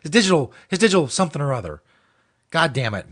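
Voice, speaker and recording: A man's voice: fairly high pitch, sing-song, quick pace, fairly bright tone. A man hosting a comedy show, ranting and mocking with heavy swearing. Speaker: host. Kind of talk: profane comedic rant.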